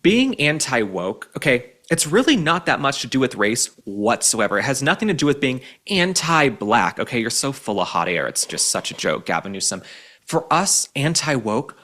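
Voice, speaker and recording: A man hosts a political commentary show at a mid-range pitch. He talks in a sarcastic, combative way and keeps mocking his target. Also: big pitch swings, moderate pace, a bit bright.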